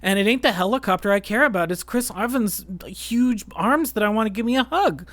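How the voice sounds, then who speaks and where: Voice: mid-range voice, animated, fairly quick, a bit bright, no echo. A podcast co-host in a casual film chat, talking animatedly with many restarts and fillers.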